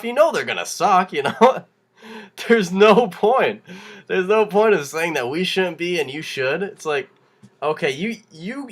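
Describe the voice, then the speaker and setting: A man's voice: on the high side, fairly bright tone. Fired-up young man ranting. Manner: fired-up, laughing, rambling rant with restarts. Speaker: vlogger. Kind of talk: casual rant to camera.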